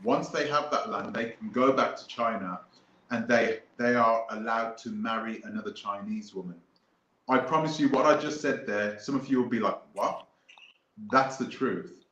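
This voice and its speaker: A man's voice: medium pitch, moderate pace, fairly bright tone, roomy sound, lo-fi sound. A man hosting a live stream, talking casually and emphatically, repeating his points as he goes off on tangents. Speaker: host.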